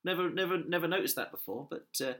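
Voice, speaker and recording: A man's voice: on the high side, lively intonation, fast, a bit bright. A man co-hosting a podcast in casual, teasing chat. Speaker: podcast co-host.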